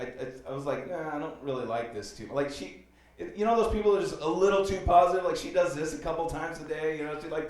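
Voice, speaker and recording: Rambling man, stand-up from afar. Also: a little high. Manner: loose rambling delivery with many fillers; dark jokes told flatly. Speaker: stand-up comedian. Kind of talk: stand-up comedy set. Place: comedy club stage before a live audience. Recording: roomy club sound, distant mic.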